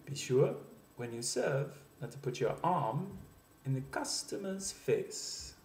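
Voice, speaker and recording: A man's voice: medium pitch, big pitch swings, slow pace, a little mellow, pitched above the performer's own voice. A man putting on the voice of a French speaker of English, whose intonation climbs steadily toward the end of each sentence. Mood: demonstrating. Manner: inflection building upward to the end. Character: adult French speaker of English, rising sing-song lilt. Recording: echoey room.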